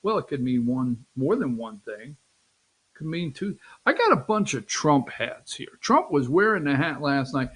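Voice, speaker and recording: Guy doing a political show, kinda high voice, rambly and punchy, casual chat. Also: measured pace. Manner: rambling, animated, emphatic. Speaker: political commentary host.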